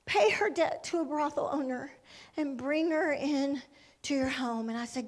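A woman's voice: high voice, normal speed. A woman giving a missionary testimony as a sermon, telling her story with fervor and acting out the voices of the people in it.

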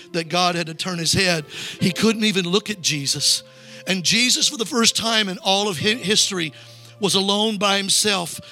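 A man's voice: high voice, pushed and bright. A male evangelist preaching a revival sermon in a church, urging the congregation to call back lines. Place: church sanctuary.

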